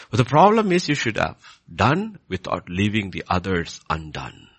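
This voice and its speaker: A man preaching a sermon, passionate, moving from quiet asides to loud indignant outbursts. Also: low-pitched, wildly swooping pitch, normal speed, breathy edge, no echo.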